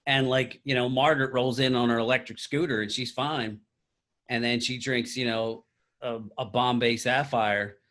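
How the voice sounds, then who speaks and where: A man in the middle of the usual pitch range hosts a relaxed podcast chat. He speaks in halting starts and swears casually. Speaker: podcast host.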